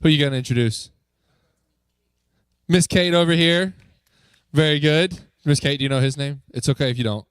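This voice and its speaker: A man talks to a youth group in a church, upbeat and joking as he coaxes the crowd with quick questions. His voice sits a little high for a man, and the sound is close and dry. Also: clear, resonant tone, no room sound. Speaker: youth pastor. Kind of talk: lively talk to a youth group.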